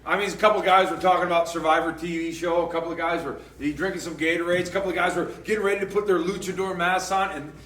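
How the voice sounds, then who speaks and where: High, bright-voiced storytelling pastor. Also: male voice, steady tone, fast talker, few pauses, echoey room, far from the mic, slight background noise. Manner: storytelling, acts out quoted voices, laughing and shouting at punchlines. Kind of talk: sermon. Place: church.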